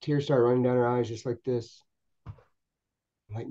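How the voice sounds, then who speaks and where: A man with a mellow, relaxed voice tells a story as a podcast guest. He talks haltingly, repeating words and restarting. The sound is a little dull and lo-fi. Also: mid-range voice. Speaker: podcast guest, paranormal investigator. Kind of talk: storytelling anecdote in a podcast interview.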